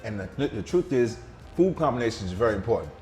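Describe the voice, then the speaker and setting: Boastful vegan chef, slang-heavy, lively. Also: male voice, on the low side, quick pace, faint music behind. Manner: boastful, animated, streetwise slang. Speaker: vegan chef and weight loss guest. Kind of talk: casual interview over a meal. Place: restaurant.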